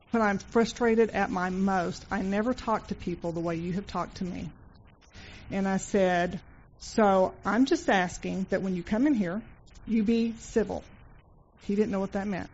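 A woman's voice: mid-range voice, a little mellow, slight background noise. Woman, earnest devotional speaker, storytelling style, slightly muffled lo-fi recording. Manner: earnest storytelling, repeats phrases. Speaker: Christian speaker. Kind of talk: informal devotional talk.

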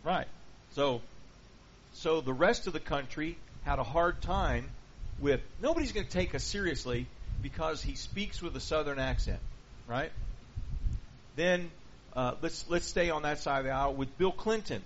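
Heard on a dull lo-fi recording with faint background noise, this preacher speaks at normal speed with a fairly high pitch. His teaching style is conversational, punctuated by rhetorical "okay?" and "right?" as he checks in with his listeners.

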